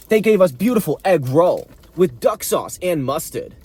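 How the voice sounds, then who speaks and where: A man's voice: fairly high pitch, big pitch swings, takes it slowly, long pauses, a little mellow, slight background noise. A man hosting a casual food vlog, joking and rambling while he eats. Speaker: mukbang host giving fight picks.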